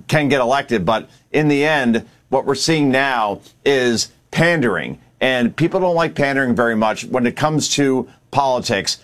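A man commenting on politics in a panel discussion, emphatic and argumentative. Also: medium pitch.

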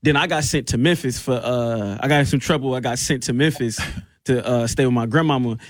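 A man's voice: medium pitch, a little fast, no echo. Young male rapper guest, easygoing street talk, dry close sound. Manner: relaxed, slangy, keeps saying "you know what I mean". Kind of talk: casual interview talk.

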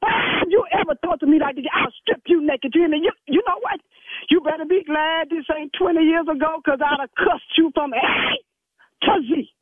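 A man's voice: very high voice, lively intonation, no echo. A man voicing a stern, sassy church secretary who scolds and preaches at a caller in a comedy phone skit, over a tinny phone line. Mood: indignant, scolding. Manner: scolding, preachy, quick to take offense. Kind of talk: comedic prank phone call.

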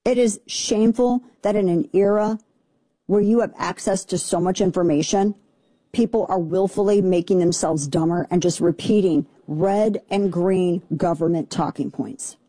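A woman hosting a talk radio show, ranting sarcastically about the news with quick asides. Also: on the low side, mellow, no room sound. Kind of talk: opinionated political talk radio.

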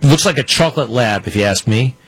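A man's voice: mid-range voice, lively intonation, fairly quick, breathy edge, dry recording. A man giving casual, skeptical commentary as he plays and talks back at clips. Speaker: commentator host.

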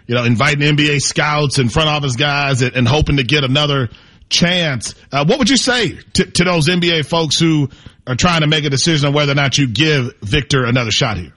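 A man co-hosting sports talk radio, quick and curious, often cutting in. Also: fairly high pitch, bright, forceful tone. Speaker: radio co-host.

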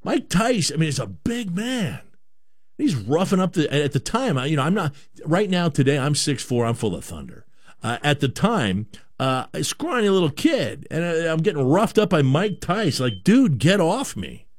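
A man from Canada holds forth on a sports talk show, rambling and opinionated. His pitch swings widely as he talks. The sound is close and dry. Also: big pitch swings, normal speed, dry recording.

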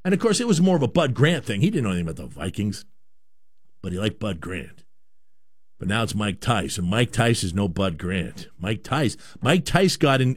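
A man's voice: medium pitch, dry recording, clean studio sound. A man born in Canada hosting a sports talk show, giving a rambling, opinionated monologue with lots of repeated words.

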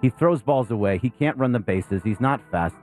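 Sports radio co-host, man, medium pitch, blunt and animated, faint music underneath. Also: normal speed. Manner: blunt, animated, mocks players with put-on whiny voices. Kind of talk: casual sports talk.

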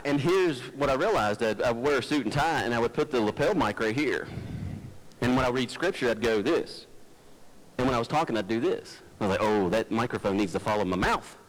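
Male pastor, chatty sermon, low-key folksy delivery, headset mic close to the mouth. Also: animated, brisk, rough recording. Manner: low-talking, folksy, digressive, stumbles and restarts. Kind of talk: conversational sermon.

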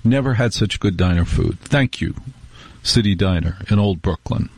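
Wry rambling radio host, low voice. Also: male voice, normal speed, darkish tone, breathy edge, no echo. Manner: rambling, wry storytelling with restarts. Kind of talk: casual monologue on talk radio.

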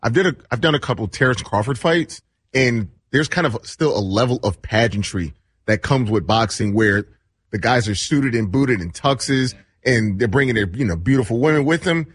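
A male co-host speaks thoughtfully and poses questions in a casual sports chat. His voice is a bit husky. The sound is dry, with no room echo. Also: mid-range voice, animated, normal speed.

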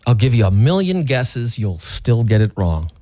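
A man's voice: medium pitch, big pitch swings, moderate pace, warm tone, dry recording. A man hosting a radio show, quizzing his co-hosts in a playful, teasing way. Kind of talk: casual radio banter. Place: radio studio.

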